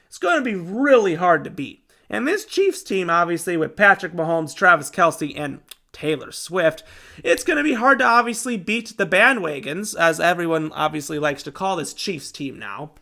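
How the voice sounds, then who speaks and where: A young man hosting a sports show, giving casual game predictions in an excitable, animated way. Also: fairly high pitch. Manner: excitable, animated fan talk.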